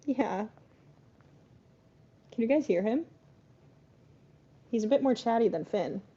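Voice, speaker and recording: Woman live-stream host, husky and mellow, chatty and coaxing, slightly muffled stream audio. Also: a little high, lively intonation, slow pace. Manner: chatty, coaxing talk to her pets. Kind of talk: casual live-stream chat with play-by-play.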